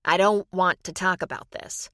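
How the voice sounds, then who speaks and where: A woman's voice: on the low side, steady tone, normal speed, a bit bright, dry recording, studio quality, lightly acted. A woman reading an embarrassed, regretful woman who speaks in a rueful, confessional way.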